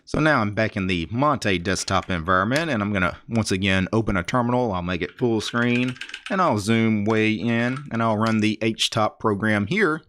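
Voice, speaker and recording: Middle-aged male tech host, lowish voice, easygoing explainer with nerdy asides. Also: moderate pace, slight background noise. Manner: relaxed, explanatory, nerdy asides with small laughs. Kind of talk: screen-recorded software tutorial.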